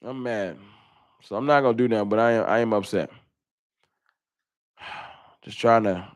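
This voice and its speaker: Reading super chats on his casual fan channel livestream, this host vents his frustration between bursts of laughter. He speaks at a measured pace in a fairly low voice, with no room sound.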